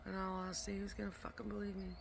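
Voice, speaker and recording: Gravelly and completely flat, this mid-range voice belongs to a fast-talking vlogger who is exhausted from lack of sleep. At home with a dog nearby, they ramble through a casual monologue on spiritual visions, swearing a lot and occasionally whispering, in a noisy recording.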